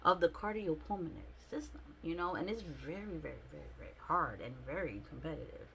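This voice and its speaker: A young adult woman vlogging a casual storytime, expressive and slangy, with many fillers. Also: deep voice, fairly quick, creaky, slight background noise.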